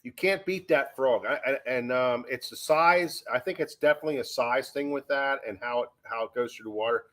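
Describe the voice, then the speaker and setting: Casual male co-host, mid-pitched, rambling and joking. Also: brisk, fairly bright tone. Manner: rambling, repeats himself, joking. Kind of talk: casual live-stream chat.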